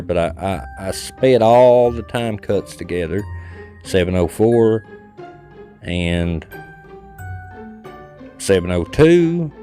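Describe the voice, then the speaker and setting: An American man hosting his channel, reading viewer comments in casual, animated commentary with jokes and laughs. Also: on the low side.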